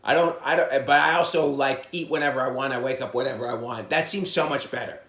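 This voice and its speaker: A man who is a comedian hosting his own podcast, ranting bluntly and profanely, jumping from loud outbursts to low mutters. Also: fast talker. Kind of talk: casual monologue rant. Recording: echoey room sound.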